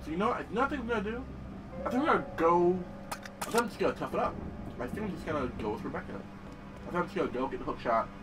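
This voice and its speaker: A young man commentating his gameplay, excitable and profane, often yelling at the game. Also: sits high, fast talker, distant mic, over music. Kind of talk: let's play commentary.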